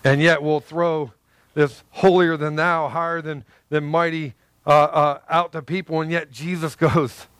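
A man with a fairly high voice delivers a sermon in an earnest, conversational style. He leans on emphatic repetition and talks straight to his listeners. The sound is dry and close. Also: level tone, measured pace, a bit bright, clear, resonant tone, dry recording. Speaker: pastor.

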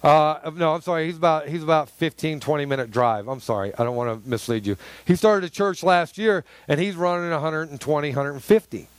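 Pastor guy preaching, high voice, chatty then suddenly punchy, dry close sound. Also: fairly quick, few pauses, clean tone, no echo. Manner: emphatic, conversational preaching with sudden loud bursts. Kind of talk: sermon.

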